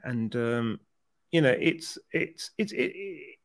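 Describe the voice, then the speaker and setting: A man's voice: medium pitch, lively intonation, takes it slowly, gravelly. Chatty British man co-hosting a podcast. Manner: chatty, laughs often, stumbles and repeats words. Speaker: podcast co-host. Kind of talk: casual chat.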